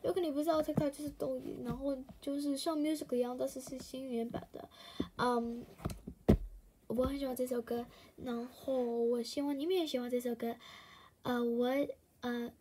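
High-voiced hesitant young woman. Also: fairly even intonation, normal speed, background noise. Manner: hesitant, with many fillers and restarts. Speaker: singer doing a cover. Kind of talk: casual chat to camera.

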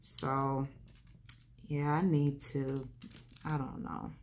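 Low-voiced woman chatting casually. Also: little pitch movement, very slow, a little mellow, a little hiss or hum. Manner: candid, rambling, talks to herself as she works. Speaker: vlog host. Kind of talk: casual chat while crafting.

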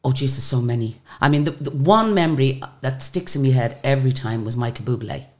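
In a casual storytelling interview, an Irish-accented singer in her sixties speaks briskly with an extremely low pitch. She comes across as chatty and lively, often going back to restart what she's saying.

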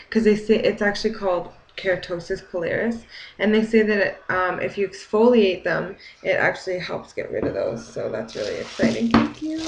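A young woman chatting excitedly while opening a gift package, gasping and gushing over each item. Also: mid-range voice, noisy background. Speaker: beauty vlogger. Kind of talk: excited unboxing chat. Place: home kitchen.

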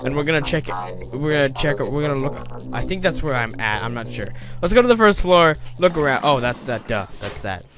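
A man giving casual let's-play commentary, chatty and excitable, often breaking into surprised exclamations. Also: mid-range voice, fairly quick, few pauses. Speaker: gameplay commentator.

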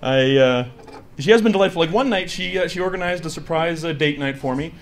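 Speaking fairly quickly in a fairly high voice, a stand-up comedian performs a set live, holding a handheld mic, with slight background noise. He's chatty and pokes fun at himself, acting out quoted voices along the way.

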